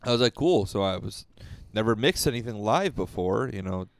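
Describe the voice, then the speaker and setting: A man with a lowish, smooth, clear voice chats casually on a music podcast. He rambles and swears, and his pitch jumps up when he gets excited. The sound is dry and close, with no room echo. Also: fairly quick. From Rochester, New York. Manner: rambling, profane, animated swings in pitch. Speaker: podcast co-host. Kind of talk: casual chat.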